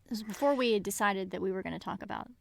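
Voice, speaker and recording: A woman's voice: medium pitch, very fast, vocal fry, no room sound, studio quality. A woman co-hosting a podcast, chatting casually about books and animatedly retelling scenes. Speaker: podcast co-host. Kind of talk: casual book-club chat.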